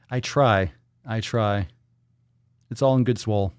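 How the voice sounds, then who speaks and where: A man's voice: fairly low pitch, measured pace, clear, resonant tone, no room sound, clean studio sound. A man hosting a casual fitness livestream, reading viewer comments aloud, joking, teasing and swearing freely as he plays with how names are said.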